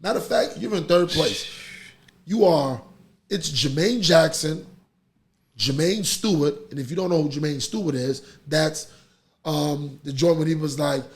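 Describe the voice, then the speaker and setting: A man's voice: fairly high pitch, unhurried. A middle-aged man, hosting a podcast in casual, heated chat and ranting animatedly. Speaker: podcast host.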